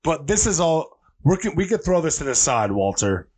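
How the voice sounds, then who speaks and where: A man hosting a sports podcast, his voice sitting a little high. He rants heatedly and swears freely. The delivery stays loose and conversational. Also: big pitch swings, normal speed, darkish tone. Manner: heated, profane ranting. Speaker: podcast host. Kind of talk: casual sports podcast chat.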